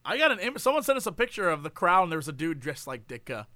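A man's voice: fairly high pitch, sing-song, fast, pushed and bright, no room sound. A man co-hosting a podcast, reacting with laughter and short quips. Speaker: podcast co-host. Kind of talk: casual podcast chat.

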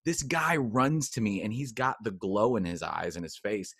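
A man, a former pastor turned coach, telling his story as an interview guest in a casual, animated way, acting out quotes. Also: on the low side, normal speed, slightly rough, no room sound, clean studio sound. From United States. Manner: casual, expressive, acts out quotes with big swings.

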